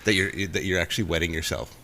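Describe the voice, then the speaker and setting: A low-voiced man co-hosting a podcast, mostly reacting to his partner with short replies and the odd joke. His delivery is casual and chatty. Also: steady tone, fast, sharp tone. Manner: chiming in with short reactions and jokes. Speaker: podcast co-host. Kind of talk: casual chat.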